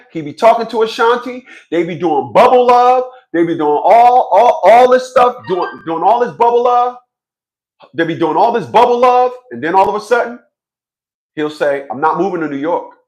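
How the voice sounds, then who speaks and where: A man in his fifties giving a blunt, profane vlog monologue, stammering through repeated restarts. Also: sits high. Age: 50s. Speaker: fathers' rights commentator.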